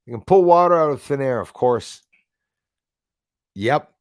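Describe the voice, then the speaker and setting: A man's voice: medium pitch, lively intonation, unhurried, no room sound, clean studio sound. A man hosting a casual live stream, chatting with viewers by name and swearing casually. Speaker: livestream host.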